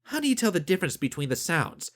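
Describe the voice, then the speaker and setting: A man voicing a blunt, skeptical young woman on a spaceship crew, pitching his voice up into a lighter register. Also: sing-song, quick pace, a bit bright.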